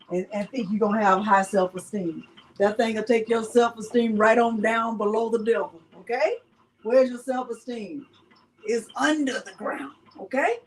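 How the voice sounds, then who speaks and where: A woman's voice: on the high side, slight background noise, poor audio. A woman hosting a casual crafting livestream. She talks straight to her viewers in a playful, chatty way and uses dialect speech. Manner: dialect speech, drops verb endings. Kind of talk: casual live crafting chat.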